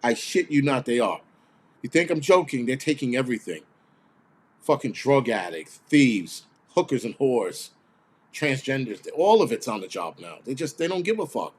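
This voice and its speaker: A man's voice: medium pitch, very animated, moderate pace. Blunt, profane man ranting. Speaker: host of a prepper channel. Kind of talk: casual ranting video monologue.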